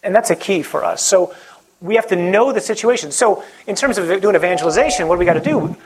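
Husky-voiced priest preaching with energy. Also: male voice, high-pitched, fast talker, poor audio. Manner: animated, acts out quoted voices. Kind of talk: preaching talk and prayer.

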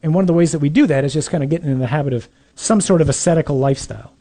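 A male priest delivers a conversational sermon, punching key points with emphasis and slipping in dry humor. His voice sits a bit high for a man, yet sounds mellow and soft-edged rather than bright. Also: very fast. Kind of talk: sermon to young adults.

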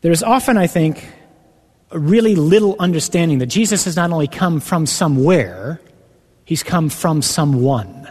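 A man's voice: a little high, lively intonation, moderate pace, darkish tone, breathy edge. Preaching man in a reverberant hall. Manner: earnest, builds to emphatic rising passages when quoting scripture. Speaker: priest. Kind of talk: sermon.

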